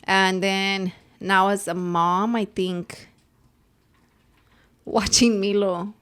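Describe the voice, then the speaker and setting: A woman's voice: medium pitch, flat delivery, drawn-out words, a bit bright, clean tone. A young woman co-hosting a podcast, chatting candidly and mixing in Spanish phrases. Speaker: podcast co-host. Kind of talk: casual chat.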